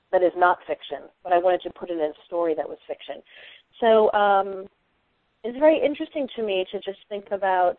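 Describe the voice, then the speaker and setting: A woman from Eastern Massachusetts speaks as an interview guest, animated and often restarting her sentences. Her voice comes through a thin, narrow phone line. The sound is dry, with no room around it. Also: fairly low pitch, no room sound. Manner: animated, frequent restarts and laughter. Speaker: novelist guest. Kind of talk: conversational interview.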